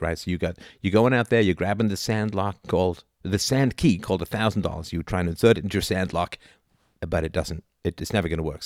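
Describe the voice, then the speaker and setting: A man with a low, deep voice explains philosophy off the cuff, stumbling and restarting phrases and tossing in "right?" to check in with the listener. The sound is dry and close, with no room echo. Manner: restarts and repeats words, lively asides; leans on rhetorical "right?" checks. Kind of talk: unscripted explanatory talk.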